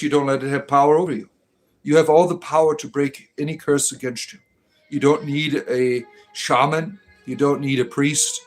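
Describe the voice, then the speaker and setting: Man, livestream host, joking, rambling, filler words, faint background music. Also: a little high. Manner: rambling, joking, reads viewer names aloud with filler ums. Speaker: livestream host reading chat comments. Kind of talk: casual livestream chat, satirical spiritual entertainer.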